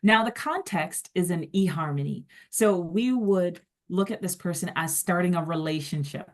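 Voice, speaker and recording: Low-voiced woman leading a workshop. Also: normal speed. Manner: conversational, poses questions to participants. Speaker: workshop facilitator. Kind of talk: workshop lecture.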